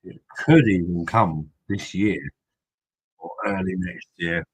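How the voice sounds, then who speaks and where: Male host, deep husky voice, loose crude banter with viewers. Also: slow pace, no room sound, low-quality recording. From Kent, England. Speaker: host of a beer review live stream. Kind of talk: casual live-stream chat.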